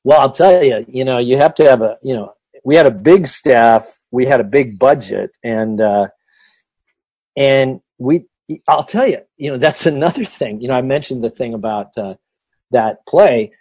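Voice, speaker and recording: Middle-aged male guest, former tv host, husky and dry sounding, rambles with lots of restarts. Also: medium pitch, normal speed, darkish tone, dry recording. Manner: rambling, many restarts, acts out voices in his stories. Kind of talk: casual anecdotal storytelling.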